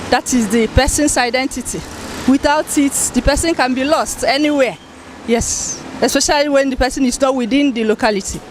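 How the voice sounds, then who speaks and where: A woman answering a street interviewer in a measured, earnest way. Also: high voice, noisy background.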